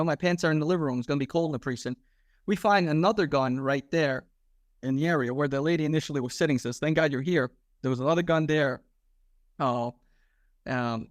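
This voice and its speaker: A man in his thirties, a former police officer guesting on a podcast, telling a story casually in a slangy, animated way and acting out the dialogue. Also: on the high side, dry recording, clean studio sound.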